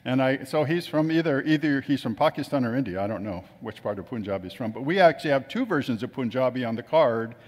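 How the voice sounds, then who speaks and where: A man's voice: medium pitch, lively intonation, fast, few pauses. A man telling chatty anecdotes to a gathering, acting out the voices of the people he quotes. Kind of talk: casual storytelling talk. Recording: long reverb of a hall.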